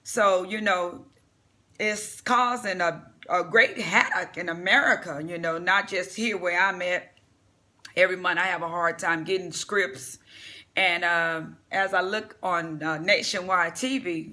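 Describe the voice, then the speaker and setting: Bright, high-voiced man vlogging. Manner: blunt, profane, rambling with many fillers; personal storytelling. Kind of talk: casual commentary vlog.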